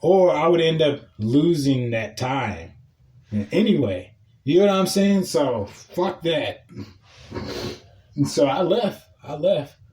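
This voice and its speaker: A man tells a story on his podcast in casual, profane talk. His slightly high voice swings widely in pitch. He bursts into loud shouts. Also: expressive, slow pace. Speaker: podcast host.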